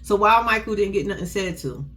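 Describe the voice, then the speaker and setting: A woman's voice: mid-range voice, expressive, brisk, fairly bright tone, slight background noise. A woman giving casual, blunt, profane commentary on a reality show, laughing often as she tells the story. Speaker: reality TV recap host.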